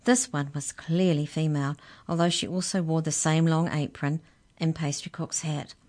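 A woman reading a children's story aloud as narrator, clear and expressive. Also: sits low.

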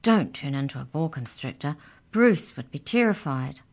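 Storybook boy, jittery and hushed, voiced by a woman narrator. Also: sits low, expressive, moderate pace. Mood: nervous. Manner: anxious, whispering. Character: nervous timid young boy.

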